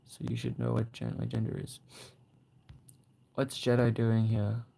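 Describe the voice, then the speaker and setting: Gravelly-voiced young man chatting with viewers. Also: medium pitch, level tone, a little slow. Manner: gentle, encouraging, praising viewers. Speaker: livestream host. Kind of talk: casual live chat reading viewer comments.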